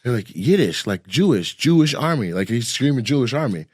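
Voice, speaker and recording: A man's voice: mid-range voice, sing-song, normal speed, a little mellow, husky. A man in casual conversation, telling stories with lots of energy and jumping into other people's voices as he goes. His voice sits in a middle register. The sound is dry and close, with no room echo. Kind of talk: casual storytelling chat.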